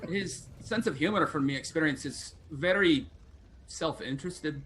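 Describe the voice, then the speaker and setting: A man role-playing a dwarf in a tabletop game, speaking in a dry, measured way. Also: fairly high pitch, noisy background. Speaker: player.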